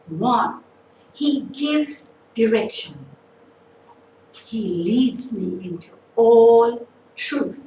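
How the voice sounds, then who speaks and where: A woman who hosts a faith talk show, preaching with slow emphasis and rising repeated lines. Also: a little high, darkish tone, roomy sound, recorded from a distance, a little hiss or hum, rough recording.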